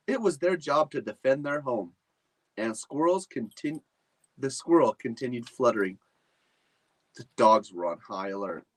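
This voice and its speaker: A man reading a chapter book aloud for children at a library storytime, in an expressive, animated manner. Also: mid-range voice, poor audio.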